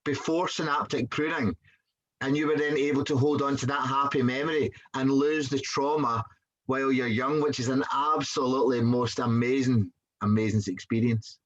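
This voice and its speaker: A man's voice: mid-range voice, steady tone, normal speed. Guy explaining stuff earnestly, kinda muffled lo-fi sound. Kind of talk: reflective commentary.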